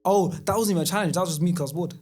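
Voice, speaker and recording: A man's voice: high voice, rapid-fire, a little mellow. Laid-back young man chatting on a podcast. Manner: laid-back, drawling, trails off with fillers. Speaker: podcast guest. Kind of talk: casual chat.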